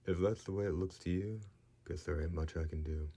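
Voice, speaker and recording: A man's voice: low voice, steady tone, fairly quick, gravelly, warm tone, husky, exaggerated voice. A man voicing a wry drawling hunter. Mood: dry. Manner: laid-back drawl, dry joking.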